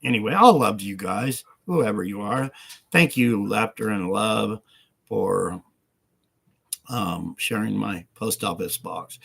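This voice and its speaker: A man's voice: fairly low pitch, gravelly, a bit bright. A man hosting a casual livestream from home, talking in a rambling, repetitive way full of fillers. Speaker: livestream host.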